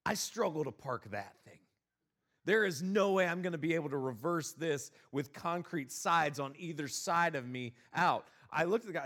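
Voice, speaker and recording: A male pastor telling a funny personal story, then preaching a sermon with a lively, exasperated manner. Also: on the high side.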